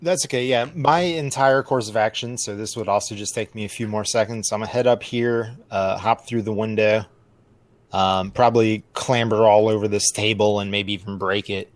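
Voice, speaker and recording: A man with a lowish voice plays his turn in a tabletop game, rambling casually and filling the gaps with "uh" and "like". The sound is dry and close. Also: fairly even intonation, moderate pace, dry recording. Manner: casual, rambling, with filler words. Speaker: player.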